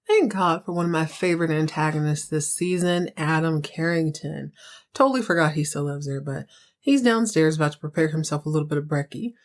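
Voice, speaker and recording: A woman hosting a podcast, recapping episodes in casual, sassy chat with many asides. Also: lowish voice. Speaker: podcast host.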